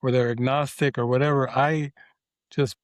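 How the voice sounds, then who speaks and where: Older man, spiritual teacher, reflective, rambling with fillers, mid-pitched voice, dry close sound. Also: flat delivery, normal speed, dry recording. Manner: reflective, meandering, many fillers and restarts. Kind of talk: casual interview talk.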